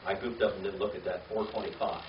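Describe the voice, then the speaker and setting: An older man teaching a classroom Hebrew reading lesson, patient and slow, spelling words out letter by letter. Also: on the low side, level tone, a little hiss or hum. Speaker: Bible language teacher. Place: classroom with a small group. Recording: echoey, distant, dull lo-fi room recording.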